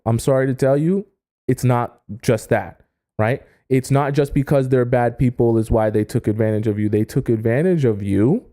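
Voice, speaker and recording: A man's voice: medium pitch, warm tone. A man coaching on a live stream, talking straight to his chat and tagging his points with "right?" and "okay?". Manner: repeats "right?" and "okay?", addresses the chat directly. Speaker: dating coach.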